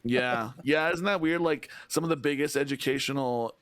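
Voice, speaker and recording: A man's voice: mid-range voice, moderate pace, fairly bright tone, smooth. A man hosting a casual film podcast, chatty and swearing freely. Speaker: podcast host. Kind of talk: casual chat.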